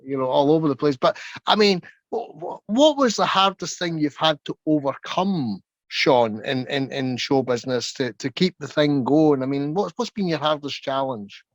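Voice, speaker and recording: A man hosting a podcast interview, asking halting questions and repeating words. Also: a little high, lively intonation, dry recording, dull audio. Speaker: podcast host. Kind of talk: casual interview.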